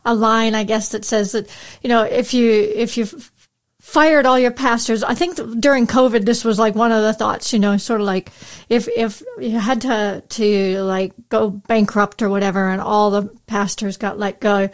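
Woman, co-host, casual chat, relaxed, conversational, fillers, slightly high voice. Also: moderate pace. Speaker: podcast co-host.

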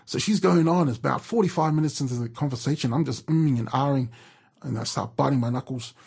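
A man's voice: mid-range voice, fast talker, vocal fry, a little mellow, slightly rough. A man from New Zealand giving a casual devotional talk, chatty and storytelling, with frequent fillers and restarts. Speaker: radio presenter giving a devotional.

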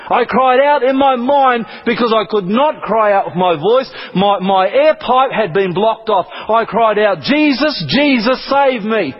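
A man's voice: high-pitched, a little slow, hardly any pauses. A man from Australia, a preacher telling a testimony in an earnest, dramatic way with repeated phrases, on a dull lo-fi recording. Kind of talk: sermon testimony.

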